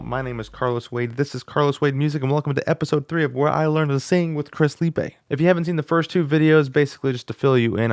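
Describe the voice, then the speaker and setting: A man with a mid-range voice chats casually on his own music channel as he works through a beginner singing course, trying the vocal exercises out loud. It plays like a relaxed vlog lesson. He's recorded on a studio microphone, clean and free of room sound.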